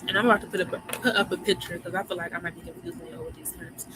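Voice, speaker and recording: Racing through her words in a fairly even, low-leaning voice, a woman from Philadelphia livestreams about moon phases, talking directly to viewers in a slangy, chatty Philly-accented style. Background noise is clearly present.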